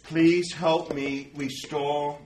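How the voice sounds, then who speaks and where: A man's voice: fairly high pitch, level tone, drawn-out words. A man playing in a tabletop game who speaks hesitantly and earnestly, with fillers. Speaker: player. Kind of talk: tabletop role-play. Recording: echoey room with loud background noise.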